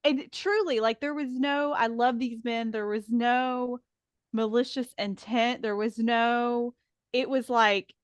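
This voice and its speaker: A woman's voice: a little high, fairly even intonation, takes it slowly, smooth, no echo. A woman guest on a faith podcast, talking earnestly and casually, laughing often and leaning on "like.". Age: adult, taught and teaches women.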